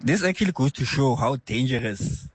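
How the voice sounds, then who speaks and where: A man's voice: medium pitch, animated, normal speed, slightly rough. A man calling a radio show, hesitant with many fillers, but emphatic. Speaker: caller. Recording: noisy phone line.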